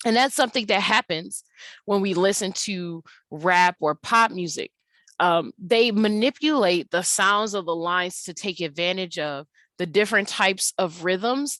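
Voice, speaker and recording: A woman's voice: fairly low pitch, bright, forceful tone, no room sound. A young woman teaching an English lesson over slides, explaining casually and saying words aloud to show their rhythm. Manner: conversational, with fillers.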